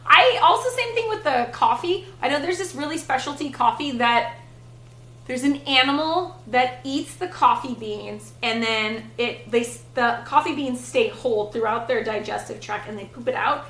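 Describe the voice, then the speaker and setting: High, bright-voiced young woman streaming. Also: lively intonation, normal speed, roomy sound, rough recording. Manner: chatty, blunt, swears casually. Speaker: livestreamer. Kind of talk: casual chat while cooking on stream. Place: home kitchen.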